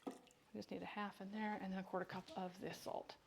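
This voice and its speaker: A woman's voice: medium pitch, flat delivery, quick pace, vocal fry, noisy background. Chatty woman hosting a canning livestream. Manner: chatty, answers viewer questions, talks to herself while working. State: has the hiccups. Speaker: livestream host teaching home canning. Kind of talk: casual livestream cooking chat.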